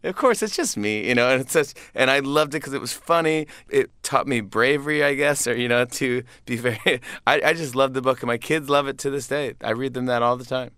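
A man's voice: mid-range voice, steady tone, a little fast, hardly any pauses, sharp tone, smooth, no echo, studio quality. A man, a comedian guest, chatting casually in an interview, laughing often and restarting his sentences.

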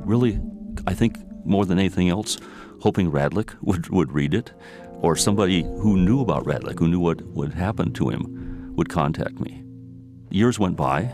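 A man in his sixties telling his own story, hesitant, often restarting and repeating words. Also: sits low. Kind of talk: personal storytelling.

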